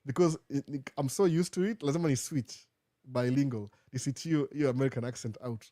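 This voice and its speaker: A man's voice: mid-range voice, brisk, dark tone, no echo, studio quality. A man from Kenya, hosting a casual live Q&A, answering viewer questions and slipping Swahili phrases into his English. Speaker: host.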